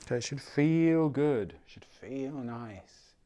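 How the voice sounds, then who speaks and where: A man leading a morning movement class in a mid-pitched, steady voice. He cues each step calmly and without hurry, and adds gentle encouragement. He shifts closer to and away from the mic as he demonstrates. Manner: calm, unhurried cueing with soft encouragement. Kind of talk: guided movement class instruction.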